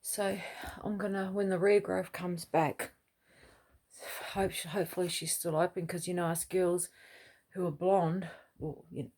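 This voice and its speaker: A middle-aged woman rambles through a casual home vlog, drifting from topic to topic. Her voice sits slightly low with a husky, breathy edge. She talks loosely and swears casually, as if to herself. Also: little pitch movement, measured pace, a little mellow. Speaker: vlogger. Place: small home unit, kitchen.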